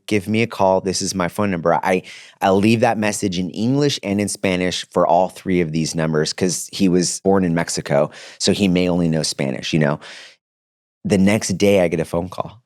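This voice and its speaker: A man in his thirties, a podcast guest giving a casual, animated personal testimony, dropping slang as he talks. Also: low voice, normal speed, no echo, studio quality. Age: 30s.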